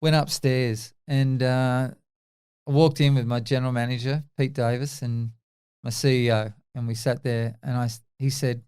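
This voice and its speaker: A former test cricketer in his fifties, speaking with an Australian accent, tells animated stories in a casual interview and acts out the quoted dialogue. His voice is smooth and medium-pitched at a normal speed.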